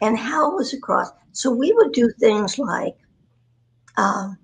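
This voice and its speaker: A woman's voice: a little high, very animated, takes it slowly, rough recording. A woman in her nineties, a voice performer, telling rambling anecdotes with self-deprecating humor in a chatty interview. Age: 90s. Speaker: guest, voice performer.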